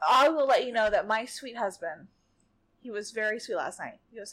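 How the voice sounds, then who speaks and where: A pregnant, tired woman co-hosting a casual podcast, an animated storyteller who laughs often. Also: mid-range voice, normal speed. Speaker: podcast co-host. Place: home bedroom.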